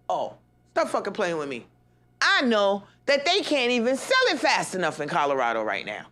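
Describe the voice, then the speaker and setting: Animated, profane woman podcast host ranting. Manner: profane, heated and animated, swings between loud outbursts and low grumbles; laughs through her words. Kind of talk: ranting monologue.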